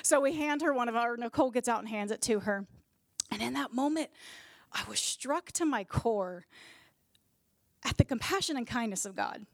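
A woman's voice: a little high, expressive, moderate pace, gravelly, long pauses, no echo, studio quality. A woman and regular co-host giving a casual personal faith testimony, telling it earnestly and vividly with fillers.

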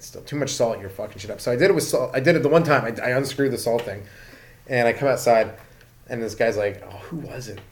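Young man, from Canada, stand-up comedian, casual rambling rant, loose and profane. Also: medium pitch. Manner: rambling, swearing, lots of "like" fillers.

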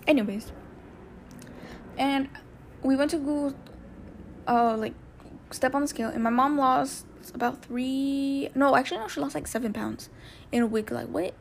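A young woman with a slightly high voice hosts a casual podcast, telling a personal story in a loose, rambling way. She fills her sentences with "like" and briefly acts out what people said. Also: steady tone, normal speed, vocal fry, long pauses, a little hiss or hum. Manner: rambling, heavy use of "like", acts out quotes. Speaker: podcast host.

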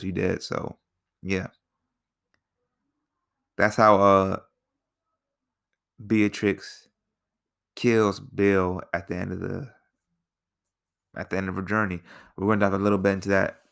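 A man's voice: on the low side, vocal fry, fairly bright tone, clean tone. A man casually reviewing a film, rambling with lots of fillers and slang, sometimes restarting his sentences. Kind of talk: casual spoken movie review.

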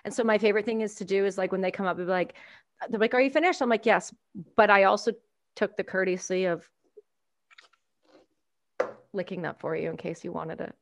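A woman from Canada chatting casually as a podcast host, telling animated stories, swearing and laughing often. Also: medium pitch, a little fast, long pauses. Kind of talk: casual chat.

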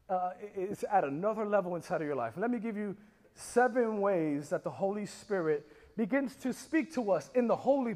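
High-voiced impassioned male preacher in a hall. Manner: impassioned preaching with rising shouts and call-and-response. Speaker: pastor. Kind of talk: sermon.

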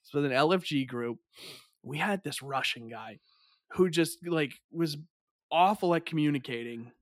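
Brief: high-voiced, excitable male podcast co-host, profane storyteller, dry sound. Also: normal speed, dry recording. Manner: excitable, swears a lot, laughs often. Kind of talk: casual chat, animated storytelling.

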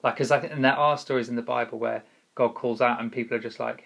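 Gravelly guy chatting casually as a youth leader, jokes at his own expense. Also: medium pitch, flat delivery, quick pace, fairly bright tone. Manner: jokey, self-deprecating, chatty. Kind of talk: casual chat.

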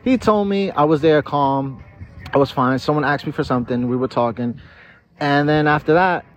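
A man's voice: on the high side, moderate pace, muffled recording. A tipsy, slurring young man tells a rambling, profane story straight to his viewers from a park. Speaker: vlogger. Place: outdoors in a park.

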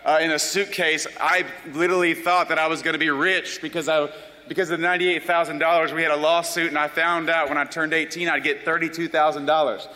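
Man, young adult, animated testimony storyteller, sharp voice, long hall reverb. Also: a little high, fast. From South Carolina, US. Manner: animated, self-deprecating storyteller. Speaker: speaker giving a personal testimony.

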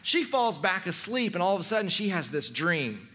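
A male teaching pastor preaching a sermon, acting out the quoted voices with dramatic swings from loud to quiet. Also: sits high, very animated, moderate pace. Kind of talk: expository sermon.

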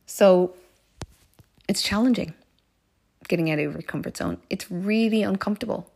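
A woman's voice: medium pitch, moderate pace, creaky, darkish tone, slightly rough. A woman hosting a life coaching podcast, telling a personal story in an earnest, heartfelt way and repeating phrases for emphasis.

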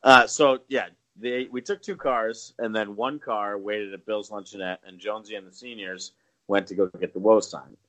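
A man in his thirties, a podcast co-host telling a story casually, swearing freely and jumping up in pitch when acting out quotes. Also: fairly even intonation, normal speed, fairly bright tone. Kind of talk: casual storytelling among friends.

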